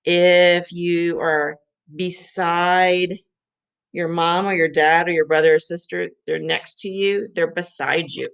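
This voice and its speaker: A woman's voice: low-pitched, fairly even intonation, moderate pace, creaky, hardly any pauses. A middle-aged woman teaching vocabulary to young children, sounding out letters and syllables.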